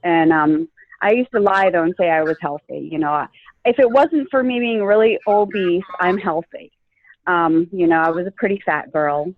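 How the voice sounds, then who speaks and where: A woman's voice: on the low side, moderate pace. A woman telling her own story in a casual interview, earnest and full of fillers. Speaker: guest sharing her coaching story. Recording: tinny, phone-like, dry line.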